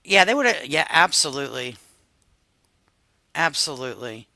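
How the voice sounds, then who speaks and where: A woman in her fifties hosting a livestream, chatting casually with viewers in a sassy, animated way and laughing often. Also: low voice, unhurried, gravelly, dry recording. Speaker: livestream host. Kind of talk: casual chat reacting to viewers.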